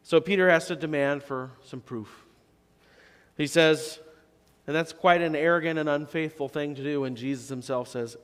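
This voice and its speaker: A male pastor preaching a sermon in a conversational way, rising to emphatic questions and dropping to soft, low phrases. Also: steady tone, moderate pace, clean tone. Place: church sanctuary. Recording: long reverb of a church sanctuary.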